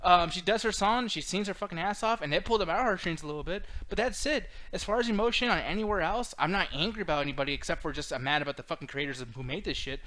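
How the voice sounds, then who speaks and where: A man hosting a casual movie review chat, animated and profane, prompting the others for verdicts. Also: sits high, rapid-fire, few pauses. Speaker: host.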